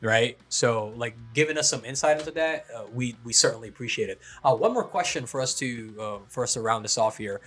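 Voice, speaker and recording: A man co-hosting a casual podcast, asking questions in a relaxed, thoughtful way. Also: mid-range voice, brisk, hardly any pauses, faint music behind. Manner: relaxed, thoughtful, uses fillers. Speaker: podcast co-host. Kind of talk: casual chat.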